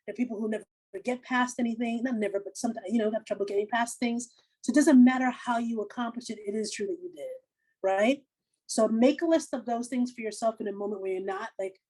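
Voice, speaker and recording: A middle-aged woman, a comedian and laughter yoga teacher, giving casual animated advice full of quoted asides. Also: on the high side, low-quality recording.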